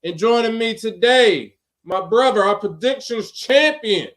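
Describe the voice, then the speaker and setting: A man with a notably high voice hosts a loose, chatty podcast. He talks with lively energy, laughs often and mimics other people's voices as he tells stories. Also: unhurried. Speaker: podcast host. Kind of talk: casual wrestling podcast chat.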